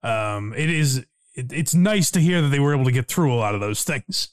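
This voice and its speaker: A man's voice: medium pitch, expressive, a little fast, clean tone. A male podcast host giving reflective commentary, laughing often and using plenty of fillers.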